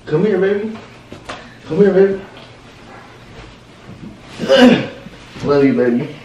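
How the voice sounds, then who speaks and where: A man's voice: sits high, expressive, slow pace, a little mellow, recorded from a distance, a little hiss or hum. A young man in a casual vlog, teasing and pleading with his girlfriend and repeating himself over and over. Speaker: vlogger. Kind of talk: casual playful chat. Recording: echoey room, off-mic.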